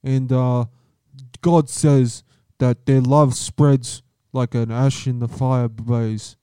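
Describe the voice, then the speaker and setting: A man putting on a slow, solemn preacher voice for a comedy bit. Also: medium pitch, level tone, mellow, smooth, dry recording, studio quality, close to an everyday voice. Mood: mock-solemn. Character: man putting on a preacher blaming bushfires on gay marriage.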